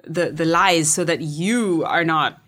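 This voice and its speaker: A woman's voice: low-pitched, slow, a bit bright. A woman with a Jamaican accent, a poet and memoirist guest, telling personal stories candidly and emphatically, often repeating words as she starts a sentence.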